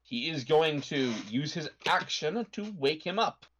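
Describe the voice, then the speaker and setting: A man running a tabletop game as game master, making rulings briskly and chuckling often, on a live stream. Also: fairly high pitch, expressive, a bit bright, highs cut off, slight background noise. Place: home setup, online stream.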